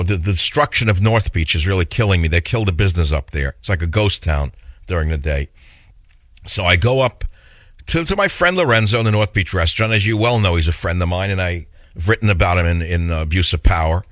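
Low-voiced rambling radio host, dull broadcast. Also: male voice, a bit bright, no echo. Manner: rambling, indignant storyteller. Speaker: radio talk show host. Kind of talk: talk radio monologue.

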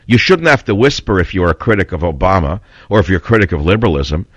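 Blunt older radio host, low voice. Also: male voice, animated, fast, a bit bright, slightly rough, no room sound. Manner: blunt, combative, rambling storyteller. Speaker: radio talk show host. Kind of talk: opinionated talk radio monologue. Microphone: studio mic. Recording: dull, slightly lo-fi radio audio.

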